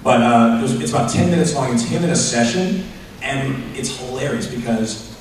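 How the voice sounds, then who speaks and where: Animated man telling stories on a convention panel. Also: medium pitch, a little hiss or hum. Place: large convention hall. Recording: echoey hall, distant mic, crowd.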